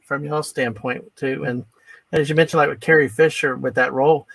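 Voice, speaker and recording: A man chatting casually on a live stream, relaxed and easygoing. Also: mid-range voice, brisk, vocal fry, a little hiss or hum.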